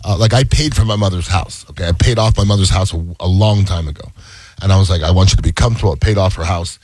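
Man, husky voice, joking banter, dry close sound. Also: low-pitched, quick pace, a little mellow, no echo. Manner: joking banter, short interjections. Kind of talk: casual chat.

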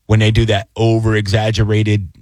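A man in his thirties co-hosting a radio talk show, an animated storyteller who slips into mock DJ and anchor voices. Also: lowish voice, moderate pace, dry recording. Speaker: radio co-host. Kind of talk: casual chat.

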